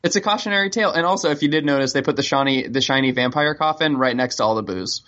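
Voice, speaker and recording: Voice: mid-range voice, quick pace, a bit bright, lo-fi sound. A podcast co-host chatting casually, joking and laughing, and acting out lines from the show. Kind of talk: casual recap chat.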